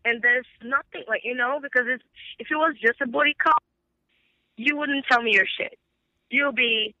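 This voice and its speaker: A woman's voice: high voice, normal speed, no room sound. A woman, calling in and retelling a fight in heated, swearing bursts. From Brazil. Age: 20s. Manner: heated, swearing storyteller who acts out quoted dialogue. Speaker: caller. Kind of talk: casual phone call. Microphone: phone. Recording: bright thin phone line.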